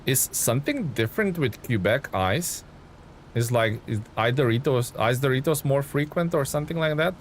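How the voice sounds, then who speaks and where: A medium-pitched man with lively intonation and a normal speaking speed provides live commentary on a truck game stream, some slight background noise audible. He thanks and chats with viewers while thinking aloud through ums and chuckles.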